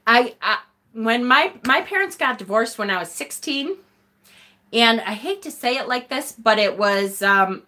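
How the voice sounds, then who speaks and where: A woman chats through a relaxed tarot live stream and reacts to her viewers' comments. She is blunt and swears freely, and laughs and sighs often. Her voice sits a little high, with a sharp, bright tone. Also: unhurried. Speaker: tarot channel host.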